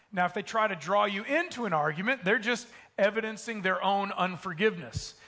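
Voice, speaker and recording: High-voiced, bright-toned male pastor preaching. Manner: emphatic, repeats key points slowly. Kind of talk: sermon. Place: church auditorium stage.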